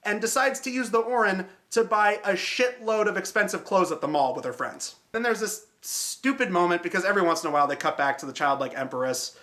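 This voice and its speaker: A man's voice: sits high, expressive, fairly quick, hardly any pauses, bright, forceful tone. A man hosting a film review show, talking casually and sarcastically and swearing often. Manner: sarcastic, swears freely, mocking.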